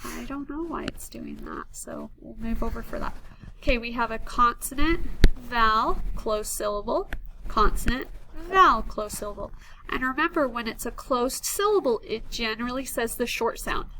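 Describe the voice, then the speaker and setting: A woman teaching a phonics lesson to first graders, speaking slowly and clearly with encouraging, counted cues. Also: a little high, noisy background. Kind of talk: recorded phonics lesson for young children.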